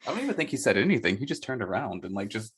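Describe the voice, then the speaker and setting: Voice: mid-range voice, sing-song, fast talker, husky, no room sound, studio quality. A podcast co-host in casual chat about a movie, laid-back and opinionated, cursing casually.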